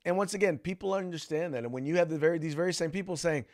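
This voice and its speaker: Man, podcast host, casual chatty delivery, somewhat high pitch. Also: rapid-fire, few pauses, a little mellow. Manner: conversational, reads ad copy. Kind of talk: casual political chat.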